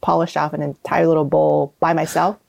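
A woman from Vietnam, a cookbook author guest in a casual interview, explaining things in a relaxed way and laughing often. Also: deep voice, a little fast, creaky, no room sound.

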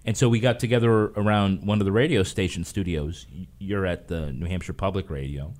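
A man co-hosting a podcast of crime writers, telling how the show began in a relaxed, chatty way. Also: low-pitched, fairly quick. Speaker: podcast co-host. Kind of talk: casual podcast chat.

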